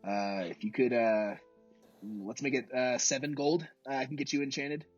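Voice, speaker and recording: A man's voice: mid-range voice, steady tone, normal speed, husky, soft background music, close to an everyday voice. A man doing a stammering dwarf enchanter. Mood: hesitant. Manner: stammering, full of hesitant fillers. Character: fussy hesitant male dwarf enchanter. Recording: dull lo-fi mic.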